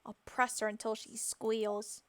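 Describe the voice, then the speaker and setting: A woman's voice: on the high side, flat delivery, a little slow, a little hiss or hum, lightly acted. A woman voicing a hesitant young lawyer. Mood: probing. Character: nervous young male defense lawyer.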